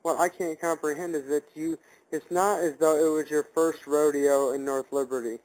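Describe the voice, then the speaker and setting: A man on a call to a live stream, ranting with heat and tripping over his own words as he repeats himself. His voice sits a little high for a man. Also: normal speed, darkish tone, poor audio. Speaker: caller, auditor. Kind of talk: angry phone call.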